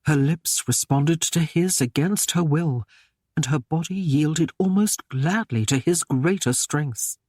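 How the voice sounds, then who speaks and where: A man narrating a historical romance audiobook in a measured, even storytelling manner. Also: a little high, no room sound, studio quality. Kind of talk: scripted narration.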